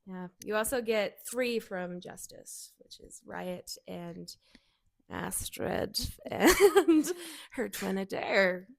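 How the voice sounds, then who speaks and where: A woman author being interviewed on a podcast, soft-spoken and laughing often. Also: medium pitch, animated, slow pace, creaky. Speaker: guest author. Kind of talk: casual interview chat.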